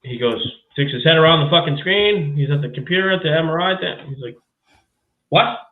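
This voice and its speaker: A man's voice: fairly high pitch, fast talker, roomy sound, phone-quality sound. A man hosting a casual chat, telling a story with lots of swearing and acting out what others said. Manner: profane, animated storyteller who acts out quotes. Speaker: podcast host.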